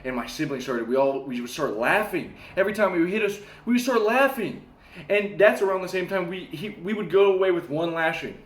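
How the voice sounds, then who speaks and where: A man's voice: sits high, fairly quick. Young guy riffing through a story, acts out the voices, swears casually, echoey room. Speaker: self-help talker.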